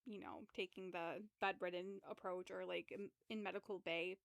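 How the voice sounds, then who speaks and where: A woman's voice: on the low side, fairly even intonation, moderate pace, vocal fry, no echo, clean studio sound. A woman co-hosting a podcast, casually retelling a book's plot, rambling, swearing freely and acting out the characters' lines. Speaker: podcast co-host. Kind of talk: casual book recap chat.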